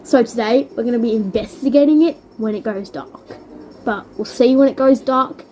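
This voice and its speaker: A woman's voice: a little high, moderate pace, mellow, slight background noise. A young woman casually telling a ghost-hunt vlog, chatty and full of fillers. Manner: chatty, many fillers, shrieks when scared. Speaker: vlogger.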